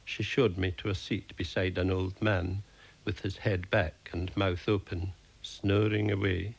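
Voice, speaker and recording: Deep gravelly guy reading his own odd little stories, dead dry, takes his time. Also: fairly even intonation, measured pace. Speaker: storyteller.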